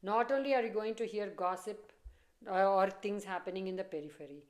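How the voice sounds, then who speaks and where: A woman's voice: mid-range voice, fairly quick. A woman giving a casual tarot reading, chatty and repetitive, often breaking into laughter. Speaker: tarot reader.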